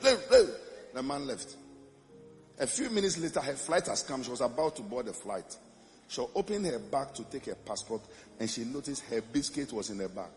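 A young man, preaching a storytelling sermon, animated and rising into shouts and song in a church. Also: a little high, in a large hall. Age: young adult. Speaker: pastor.

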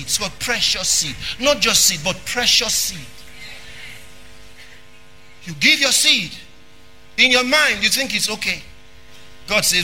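Bright, high-voiced man preaching emphatically. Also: lively intonation, normal speed, pauses often, faint music behind. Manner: emphatic, swings into shouting, repeats phrases. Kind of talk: sermon.

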